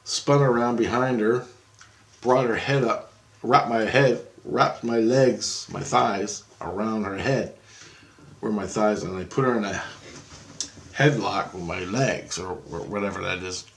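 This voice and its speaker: A man telling a story in a rambling, excitable way, with lots of swearing and restarts. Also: on the low side, measured pace, slight background noise. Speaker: vlogger. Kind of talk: casual storytelling.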